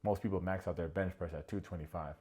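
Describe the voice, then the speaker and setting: A man's voice: low-pitched, fairly even intonation, fast, a little mellow, voice pushed down, close to an everyday voice. A man voicing an earnest young man from a dating show who talks seriously.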